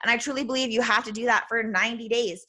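A loud, bubbly woman gives a motivational podcast talk as a self-love coach. Her voice is bright and a little high, and she keeps checking in with her listeners with a quick "right?". The tone stays earnest and encouraging throughout. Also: fairly even intonation. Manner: earnest, with many "right?" tags.

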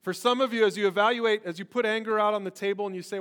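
A man in his forties preaches a sermon in a bright, high-pitched voice. He tells stories with animated emphasis and drops into soft, quiet asides. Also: fast, hardly any pauses, smooth. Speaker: pastor.

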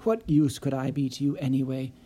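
A man's voice: medium pitch, steady tone, brisk, mellow, slightly rough, pitched below the performer's own voice, close to an everyday voice. A man voicing a nervous, fretful office worker in an audiobook, pleading and apologetic in manner. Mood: anxious. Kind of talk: audiobook character voice.

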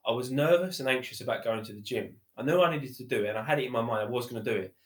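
A man's voice: mid-range voice, racing. Chatty man in a roomy room. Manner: chatty, repeats himself, many fillers like "you know" and "literally". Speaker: podcast guest. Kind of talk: casual conversational storytelling. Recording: roomy echo.

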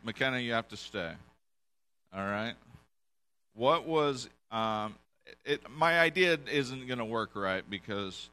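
A man preaching a casual sermon to a congregation, relaxed and joking, often restarting his sentences. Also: on the low side, slow pace, long pauses, slight background noise. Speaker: pastor. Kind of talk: casual sermon with audience volunteers. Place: church in front of a congregation.

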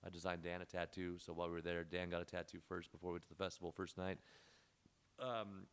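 A man's voice: deep voice, little pitch movement, fast talker, clear, resonant tone. A man hosting a podcast, telling a long story in a rambling, laid-back way with lots of fillers. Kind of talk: casual storytelling chat.

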